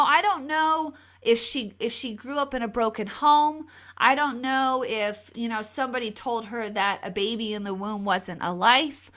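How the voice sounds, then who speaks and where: Bright, emphatic woman commentator. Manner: emphatic, repeats words and restarts often. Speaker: political commentary host. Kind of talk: live video commentary. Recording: re-downloaded lower-quality video.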